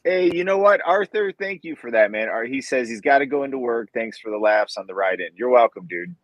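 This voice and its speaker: A man's voice: mid-range voice, lively intonation, a little fast, no room sound, dull audio. A man hosting a casual live stream, upbeat and greeting viewers in the chat by name. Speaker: podcast host.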